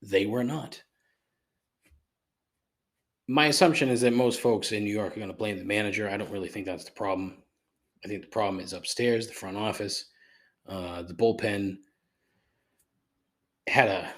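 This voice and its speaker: A man's voice: fairly low pitch, normal speed, long pauses. Sarcastic, swearing man. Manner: sarcastic, profane, rambling with frequent fillers. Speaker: podcast host. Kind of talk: casual solo podcast rant.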